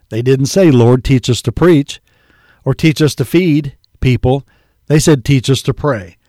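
Reading scripture in King James language, this preacher delivers his sermon earnestly, addressing the audience as "folks" and "believer." He has a medium-pitched, darkish voice, captured in a dry, clean studio recording.

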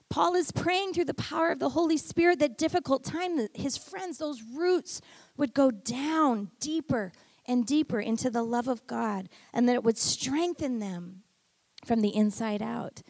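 High-voiced woman preaching a sermon. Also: no echo. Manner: warm storytelling, swings from hushed to emphatic.

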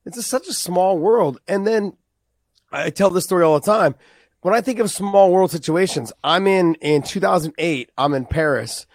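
Brief: male host, slightly high voice, excitable, dry close mic. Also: no room sound. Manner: swearing, excitable, quick asides. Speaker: podcast host. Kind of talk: casual chat.

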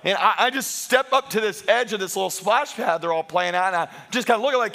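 High-voiced pastor preaching with humor. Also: male voice, fairly quick, few pauses. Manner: lively storytelling, jokes at his own expense. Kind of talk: sermon. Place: church in front of a congregation.

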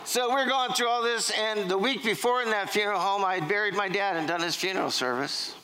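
A man's voice: sits high, a little fast, bright, forceful tone, poor audio. A middle-aged man, preaching a sermon in a church, telling jokes and stories and quizzing the congregation. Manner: joking, storytelling, quizzing the congregation. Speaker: pastor. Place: church sanctuary.

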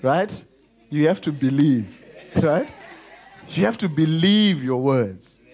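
A man preaching in an emphatic sermon voice, pitched a touch high with a husky edge. He leans hard into key words and draws them out. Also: animated. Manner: emphatic preaching, rising to loud stresses and slowing on key words. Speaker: pastor.

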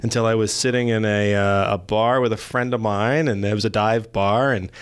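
A middle-aged man hosting a podcast, telling stories with animated, acted-out quotes in casual chat. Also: lowish voice, moderate pace, clean tone. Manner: animated storyteller, acts out quotes. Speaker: podcast host.

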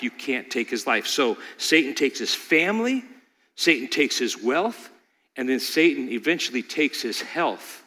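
A man's voice: mid-range voice, sing-song, measured pace, pushed and bright. A man preaching a dramatic sermon, asking the congregation rhetorical questions. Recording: long hall reverb.

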